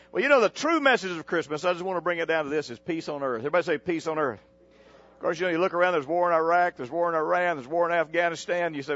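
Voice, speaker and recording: Man, high voice, pastor, folksy call-and-response sermon, animated, muffled lo-fi sound. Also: quick pace. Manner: preaching with call-and-response to the congregation; folksy, animated, with sudden pitch jumps.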